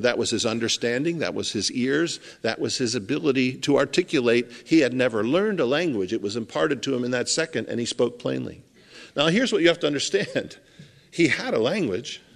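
Conversational preacher in a reverberant hall. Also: male voice, fairly high pitch. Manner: conversational, acts out scenes, swings from loud to hushed. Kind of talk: sermon.

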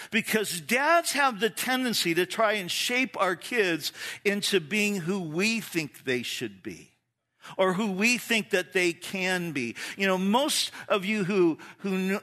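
Bright high-voiced pastor preaching. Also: male voice. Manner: storytelling, with frequent restarts and "you know". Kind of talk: sermon.

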